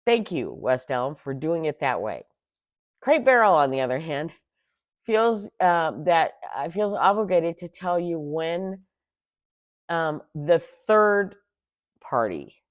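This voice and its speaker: A woman's voice: deep voice, no echo. Exasperated woman ranting, dry close sound. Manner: exasperated, animated storytelling with sarcastic asides. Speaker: tarot channel host. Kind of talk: casual rant.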